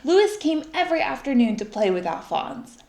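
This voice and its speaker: A woman reading a children's story aloud in an expressive, lively way. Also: high-pitched, brisk. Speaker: storybook reader. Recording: echoey room.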